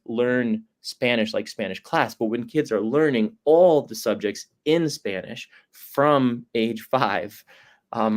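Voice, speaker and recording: A man's voice: fairly low pitch, a little mellow. A man answering interview questions in a casual, earnest way, with many "um" and "like" fillers. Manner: earnest, thoughtful, frequent fillers like "like" and "um".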